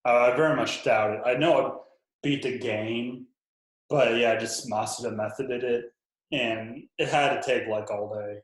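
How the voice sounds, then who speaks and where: A man's voice: medium pitch, fairly even intonation, normal speed, echoey room, rough recording. A man hosting a podcast, chatting casually and joking, with lots of fillers. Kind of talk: casual chat.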